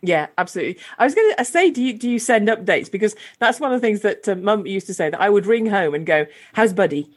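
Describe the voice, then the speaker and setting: A woman's voice: mid-range voice, lively intonation, fast talker, few pauses. Chatty woman asking tag questions. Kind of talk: casual chat.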